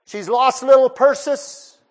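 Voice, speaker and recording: Guy preaching, telling a missionary story, really high voice, drops quiet then builds back up. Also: fairly even intonation, takes it slowly. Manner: swings between hushed and raised passages. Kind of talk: storytelling sermon.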